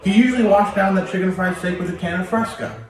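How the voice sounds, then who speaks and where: Man, lively history storyteller, talks to the listener, echoey room, off-mic, background music. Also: sits high, fast, distant mic. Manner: lively, addresses listener directly, playful. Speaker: history video host.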